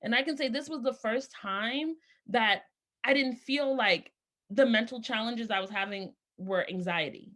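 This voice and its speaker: A woman's voice: on the high side, measured pace, fairly bright tone. A woman in her thirties giving an earnest, emotional personal testimony. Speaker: speaker sharing her story.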